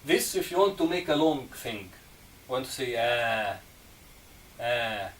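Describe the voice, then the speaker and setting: Male teacher, slow and patient, heard from a distance over faint background hum. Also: a little high, lively intonation. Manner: slow and patient, checking understanding with "okay?" and "right?". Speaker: Arabic teacher. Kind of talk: classroom lesson on Arabic letters. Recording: distant mic, faint room noise.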